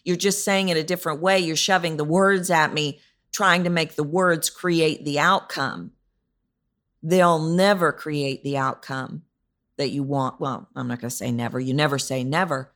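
A woman's voice: low-pitched, steady tone, moderate pace, fairly bright tone. A woman hosting a solo podcast, teaching about voice and delivery in an emphatic, repetitive way. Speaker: podcast host, voice coach.

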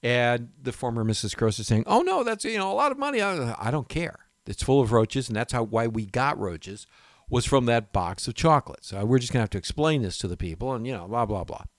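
A man's voice: mid-range voice, brisk, no room sound, studio quality. A man hosting a home and garden radio show, telling a rambling personal story in a casual way and often breaking off mid-sentence. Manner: animated, rambling, self-interrupting storyteller.

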